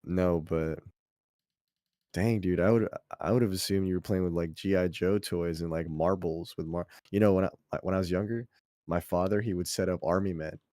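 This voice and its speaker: A young man chatting casually as a podcast co-host, rambling and excitable, swearing often. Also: sits low, moderate pace, no room sound, clean studio sound. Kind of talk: casual chat.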